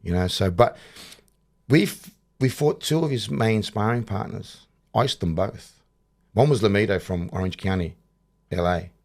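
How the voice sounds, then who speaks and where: A man's voice: lowish voice, lively intonation, a little slow, gravelly, darkish tone. A middle-aged man with an Australian accent, a boxing coach chatting in an interview, rambling and restarting his sentences. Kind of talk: casual interview chat.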